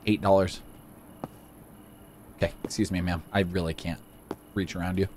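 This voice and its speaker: A man hosting a casual let's-play video, excitable and jokey, chatting to the game's characters as he plays. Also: low-pitched, normal speed, a little hiss or hum. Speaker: gaming video host.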